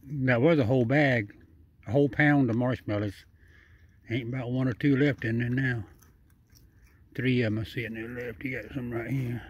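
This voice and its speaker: A husky, medium-pitched man is heard in dull audio with no room sound. Feeding a wild raccoon outside at night, the vlogger coaxes it and offers running commentary to the camera and animal, full of repeated phrases, chuckles, and nonstandard speech.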